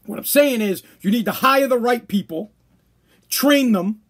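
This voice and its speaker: A man's voice: extremely high pitch, unhurried, fairly bright tone. A man hosting a solo podcast, delivering a heated, profane monologue and acting out the people he quotes. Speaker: podcast host.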